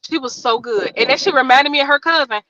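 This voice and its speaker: A woman comedian with a high, bright voice, chatting as a guest on a podcast. She tells her stories in an animated, profane way. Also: fast, muffled recording. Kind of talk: casual podcast chat, storytelling.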